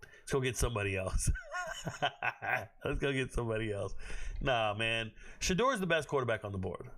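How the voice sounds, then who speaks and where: Man, live-stream host, casual commentary, cussing, blunt, loud outbursts, recorded at home on his own mic. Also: mid-range voice, lively intonation, moderate pace. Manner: profane, blunt, bursts into loud shouting. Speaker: host of a draft watch party stream. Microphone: own microphone.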